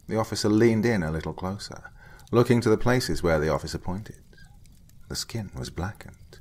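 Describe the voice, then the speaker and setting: A man narrating a horror story in a calm, measured bedtime manner, with a husky voice. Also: low-pitched.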